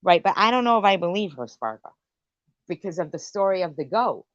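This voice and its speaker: A woman's voice: fairly low pitch, very animated, a little fast, no echo, dull audio. A woman hosting a late-night live stream chat, telling stories in a profane, rambling rant. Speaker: livestream host.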